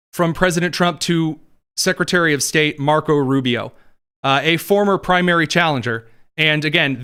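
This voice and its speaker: A man hosting a political commentary show, talking in an animated, opinionated monologue. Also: fairly high pitch, clean tone. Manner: animated, does mocking voices for quotes.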